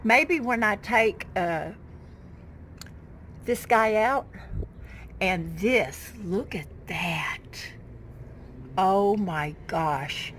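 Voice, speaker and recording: A woman's voice: mid-range voice, slight background noise, rough recording. A woman chatting casually to her viewers outdoors in her backyard garden, fond of her plants. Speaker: gardening vlogger. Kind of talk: casual show-and-tell chat.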